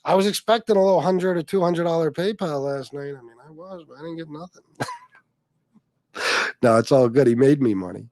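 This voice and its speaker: A man's voice: on the high side, a little fast, warm tone, no echo. Profane, rambling male livestream host. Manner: profane, rambling, laughing often. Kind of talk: casual livestream chat reading comments.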